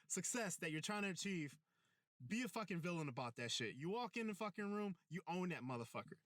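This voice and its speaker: A man's voice: sits high, big pitch swings, a little fast, fairly bright tone. A man hosting a podcast, delivering a heated, rambling monologue full of swearing. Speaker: podcast host. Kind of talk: profane ranting monologue. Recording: roomy sound, distant mic.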